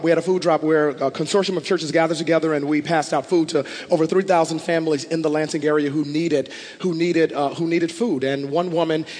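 A male pastor preaching with passion, his fairly high voice swelling into loud declarations. His words ring out with a long reverb, as in a large church sanctuary. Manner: impassioned, rising to loud declarations. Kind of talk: sermon.

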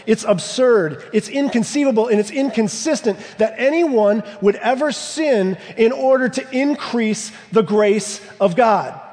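A man preaching a sermon in a church, emphatic, slowing down to stress key words. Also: high voice, darkish tone, in a large hall. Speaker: pastor. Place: church sanctuary.

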